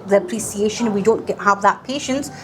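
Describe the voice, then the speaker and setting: A Scottish woman hosting a podcast, chatting casually, animated, laughing often and echoing her guest's words. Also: mid-range voice, brisk, a little hiss or hum. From Scotland. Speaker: podcast host. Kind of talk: casual chat.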